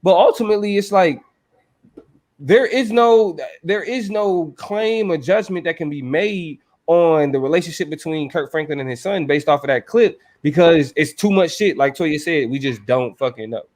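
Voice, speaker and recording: A podcast co-host with a fairly high, darkish voice talks at a normal speed in a casual chat. He's emphatic and profane, restarting his sentences often.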